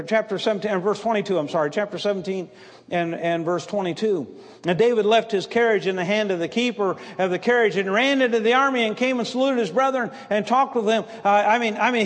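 A man preaching a sermon. He stammers and repeats words, and sometimes rises into shouting. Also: sits high. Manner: stammering repetitions, bursts into shouting. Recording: long hall reverb.

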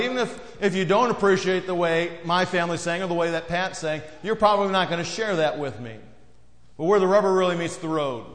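A man preaching a sermon as pastor, talking to the congregation in a conversational way and often dropping low and quiet to stress a point. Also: echoey room, long reverb tail. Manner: conversational preaching, acts out quoted voices, drops low and quiet for emphasis. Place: church sanctuary.

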